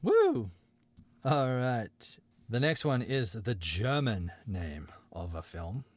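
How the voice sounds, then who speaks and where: A man's voice: fairly low pitch, lively intonation, takes it slowly, dry recording. A man hosting a casual podcast, playfully reading out movie quiz clues and synopses to his friends.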